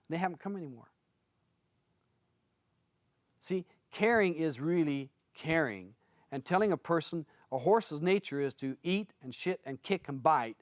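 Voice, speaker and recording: A man's voice: on the high side, lively intonation, normal speed, no echo. A man who is a spiritual teacher, giving a blunt, conversational seminar talk full of stories to an audience.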